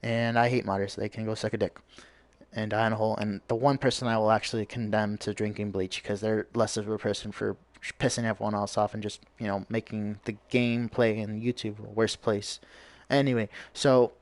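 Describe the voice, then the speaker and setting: A man's voice: fairly low pitch, little pitch movement, fairly quick, no echo. A man giving live gameplay commentary as a streamer, rambling and ranting with plenty of swearing.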